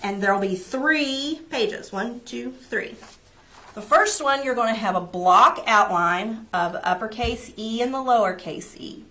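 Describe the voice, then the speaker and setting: A woman who teaches preschool, reading a children's picture book aloud and then leading a phonics lesson in a clear, encouraging way. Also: a little high, a little slow, sharp tone.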